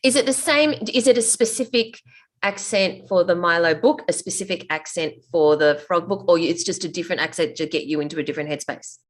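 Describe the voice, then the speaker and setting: A woman interviewer asking questions with curious, animated interest. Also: fairly low pitch, a little fast.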